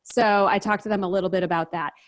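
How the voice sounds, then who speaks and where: Woman, podcast guest, brisk practical explainer, mid pitch. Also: steady tone. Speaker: business owner, guest. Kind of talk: interview, explaining.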